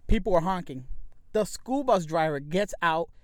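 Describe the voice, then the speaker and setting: High-voiced cursing New storyteller man. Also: moderate pace, no room sound. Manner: profane, animated storytelling, acts out quotes. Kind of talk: casual chat.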